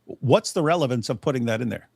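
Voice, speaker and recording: A man's voice: mid-range voice, expressive, fast talker, gravelly, darkish tone, husky, no echo, studio quality. A man hosting a call-in debate show, talking in an emphatic, exasperated way. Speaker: host.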